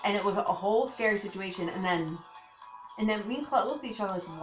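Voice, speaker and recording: A woman's voice: mid-range voice, fast. A young woman telling a storytime on her vlog, casual and breathless, with lots of filler words and emphatic disbelief. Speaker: vlogger. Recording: echoey room with faint music.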